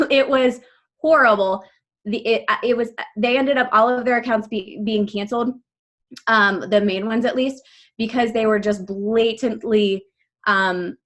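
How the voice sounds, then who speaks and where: A woman in her thirties leading a team call, telling a personal story quickly and breathlessly, full of "like" fillers, her voice shaking with emotion. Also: on the high side. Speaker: team leader speaking to her coaching team.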